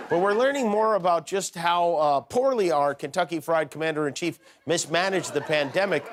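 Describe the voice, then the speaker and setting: A man hosting a late-night show, delivering a joking monologue and chuckling at his own punchlines. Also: on the high side. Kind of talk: comedy monologue.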